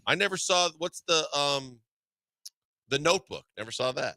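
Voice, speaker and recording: A man's voice: a little high, animated, normal speed, bright, forceful tone, no echo. A man co-hosting a sports radio show, making dry, blunt remarks in casual banter.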